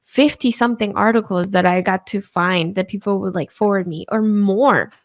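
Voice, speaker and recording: A woman's voice: medium pitch, moderate pace. A woman with a Russian accent, a cosplayer guest chatting casually and laughing often. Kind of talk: casual chat. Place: Miami.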